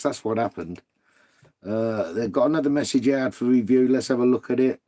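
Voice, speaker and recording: Reading viewer comments on his live stream, a middle-aged man chats casually, bantering and swearing without restraint. His medium-pitched voice is warm and his pace brisk.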